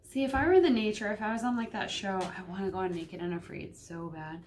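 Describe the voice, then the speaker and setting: A woman's voice: mid-range voice, quick pace, darkish tone, slight background noise. Chatty woman vlogging at home. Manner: chatty, hesitant with many ums. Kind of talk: casual home vlog.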